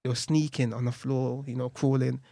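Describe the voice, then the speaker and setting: A man's voice: mid-range voice, fairly quick, gravelly, no room sound. A man co-hosting a casual podcast, telling stories in slang and acting out quotes. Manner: animated storytelling, slangy, acts out quotes. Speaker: podcast co-host. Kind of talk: casual chat.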